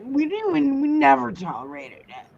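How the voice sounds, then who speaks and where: A woman's voice: sits high, huge pitch swings, normal speed, gravelly, darkish tone, dull audio. A drunk woman co-hosting a livestream, cursing and hurling insults at trolls. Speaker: livestream co-host. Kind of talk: casual livestream chat.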